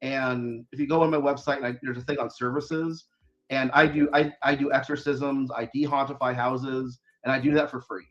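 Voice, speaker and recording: Male guest author, casual and rambling, mid-pitched; slightly dull recording. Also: fairly even intonation, normal speed, fairly bright tone. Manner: rambling, chatty, lots of fillers and restarts. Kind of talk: casual interview chat.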